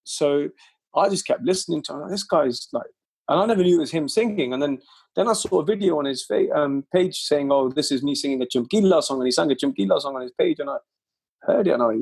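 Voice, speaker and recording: Husky young man. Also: a little high, expressive, fast, a little mellow. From Leicester, England. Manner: laid-back, swears and laughs often, slangy. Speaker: guest lyricist. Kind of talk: casual interview chat.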